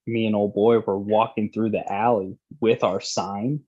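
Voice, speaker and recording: A man's voice: lowish voice, flat delivery, a little slow, a little mellow, breathy edge, muffled recording. A young man casually telling a long, profane, rambling story as a podcast host.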